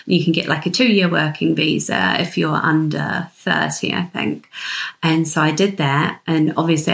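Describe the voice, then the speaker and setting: A woman's voice: low-pitched, vocal fry. A tired, jet-lagged woman in her thirties with a New Zealand accent, chatting frankly as a podcast guest and laughing easily. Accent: New Zealand, slightly mixed with British. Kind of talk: casual podcast chat.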